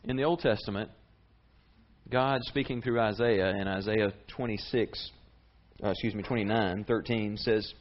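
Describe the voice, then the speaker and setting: A man preaching a sermon as a pastor, conversational and lively, with big rises and drops in his voice. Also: moderate pace, highs cut off. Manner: lively, conversational preaching with sharp swings in pitch and volume.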